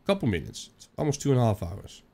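A man's voice: mid-range voice, very animated, fast talker, dark tone. A young man with a Dutch accent giving rambling, chatty let's-play commentary, swearing now and then. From Netherlands. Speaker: gaming channel host.

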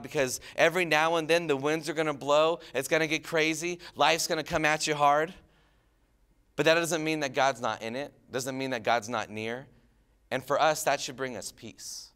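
Smooth-voiced man preaching to youth. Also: fairly even intonation, normal speed. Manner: casual storytelling with many fillers and restarts; drops soft and low on key lines. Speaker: youth pastor. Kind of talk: youth sermon.

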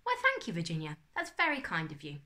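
A woman's voice: on the low side, wildly swooping pitch, quick pace, bright, forceful tone, heavily acted. A woman reading aloud and voicing a cheerful, fussy older uncle in a children's storybook, with a hearty, flustered manner. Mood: jovial.

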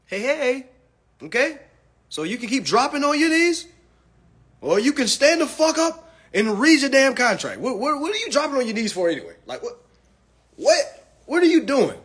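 A man's voice: extremely high pitch, very animated, normal speed, long pauses, fairly bright tone, husky. A drunk man delivering a preachy, profane ranting monologue, constantly checking in with "all right?". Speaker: consumer finance commentator.

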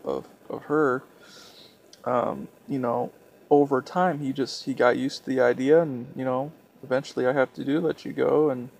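Young adult male vlogger, gravelly tone, hesitant and tender delivery, faint background noise. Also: mid-range voice. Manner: halting, hesitant, with many restarts. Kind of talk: personal reflective storytelling.

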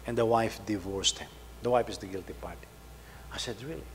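A middle-aged man, preaching a sermon, telling a story and swinging between loud emphasis and soft asides. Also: lowish voice, fairly quick. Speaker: pastor. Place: church hall. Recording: faint hum, long hall reverb.

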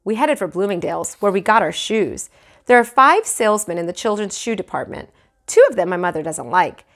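A woman teacher reading a children's book aloud to her class. Her narration is expressive, with a lively, animated pitch, at a middle height. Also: fairly quick. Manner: warm, expressive storytelling.

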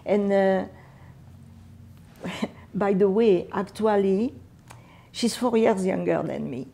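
A woman in her eighties with a French and Catalan accent, a native Catalan speaker, recalling her wartime childhood for an interviewer in unhurried, halting English. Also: mid-range voice, gravelly, dark tone. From France. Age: 80s. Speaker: veteran oral history interviewee. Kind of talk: personal war memories told to an interviewer.

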